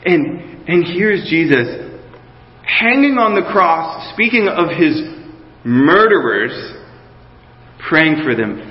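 A man preaches to his congregation in a relaxed, talky style, often backing up and rephrasing as he goes. His voice sits a bit high, and it rings around a large reverberant hall. The recording is a little dull and lo-fi. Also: slow. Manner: conversational preaching with many restarts and asides to the congregation. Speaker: pastor. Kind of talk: sermon. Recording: roomy hall sound, slightly dull.

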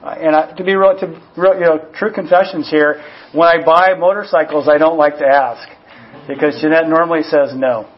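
A man's voice: a little high, steady tone, moderate pace, a little hiss or hum. A man, a pastor, preaching a conversational sermon with personal asides and frequent "you know" fillers. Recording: dull lo-fi recording.

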